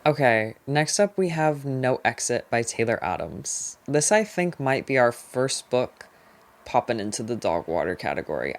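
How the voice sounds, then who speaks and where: A young adult talking through a casual book review vlog, chatty and opinionated, with lots of "like" fillers and quick, emphatic verdicts. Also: mid-range voice.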